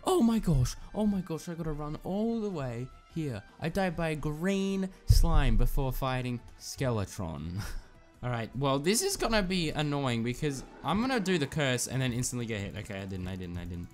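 Young man, gaming commentary, excitable exclamations, animated pitch, faint background music. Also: moderate pace. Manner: excitable, frequent exclamations and mild cursing. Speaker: gaming YouTuber. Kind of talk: gameplay commentary.

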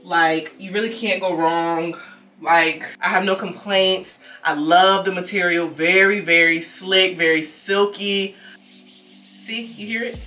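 A young woman in her twenties doing a lingerie try-on haul, talking in animated slang, repeating herself and breaking into sudden high exclamations. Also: a little slow, recorded from a distance, soft background music. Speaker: fashion vlogger.

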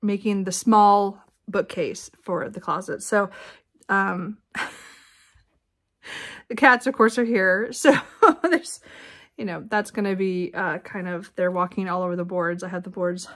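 A woman talks her way through a home vlog in a relaxed, rambling manner, full of ums and restarts. Her voice sits at an ordinary middle pitch. She records on a handheld camera as she moves around her house and sometimes sounds winded. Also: slow pace. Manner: chatty, rambling, frequent fillers. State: out of breath. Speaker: vlogger. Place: home bedroom closet.

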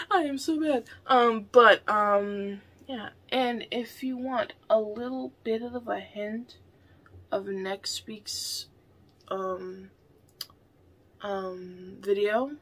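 A woman vlogger reacting to a film in a casual, rambling, excitable way. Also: medium pitch, takes it slowly.

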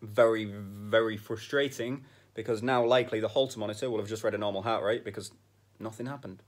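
A man's voice: fairly low pitch, steady tone, fairly quick. A man chatting casually in a vlog about dog training, blunt and swearing when frustrated. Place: outdoors in a field with dogs.

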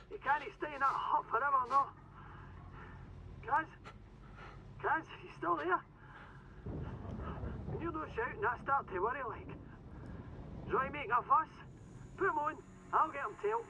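An actor playing a worried rig worker on the phone, urgent and then consoling. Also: male voice, extremely high pitch, normal speed, long pauses, bright, forceful tone, full character voice. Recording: noisy phone line.

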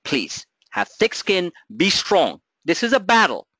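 Middle-aged male webinar host, bright lively voice, casual and joking, dry close mic. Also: a little slow, no room sound. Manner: animated, joking, swings between loud asides and low mutters. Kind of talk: live market webinar talk.

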